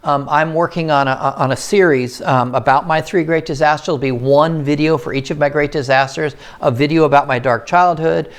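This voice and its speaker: Earnest middle-aged American man. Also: fairly high pitch. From United States. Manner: heartfelt, encouraging, slows down to stress points. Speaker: host of a personal story series. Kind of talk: earnest talking-to-camera monologue.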